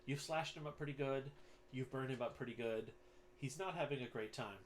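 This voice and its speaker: A man runs a tabletop game as game master and narrates at a mid pitch. He talks casually, with fillers and the odd swear word. A faint hum sits in the background. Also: fairly quick.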